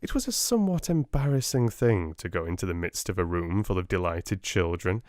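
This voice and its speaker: Expressive British man reading an audiobook. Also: low voice, a little fast, no echo, studio quality. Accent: British English. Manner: lively, expressive storytelling. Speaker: audiobook narrator. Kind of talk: unabridged audiobook narration.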